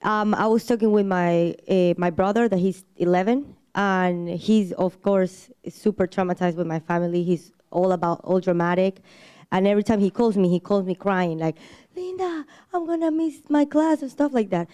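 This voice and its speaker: Woman church member, non-native English speaker, mellow voice, halting and full of restarts. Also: on the low side, fairly even intonation, clean tone. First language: not English. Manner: halting, with many restarts and fillers. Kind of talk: casual personal testimony.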